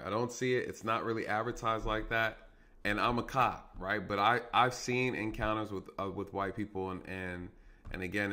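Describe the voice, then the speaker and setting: A man's voice: fairly low pitch, sharp tone. A man who is a police officer giving casual commentary on an arrest video, talking conversationally and often checking in with "right?" and "you guys".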